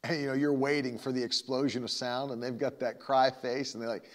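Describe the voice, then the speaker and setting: A man's voice: medium pitch, level tone, a little fast. A man preaching a sermon as a pastor, emphatic and repetitive, with a conversational manner and long reverb.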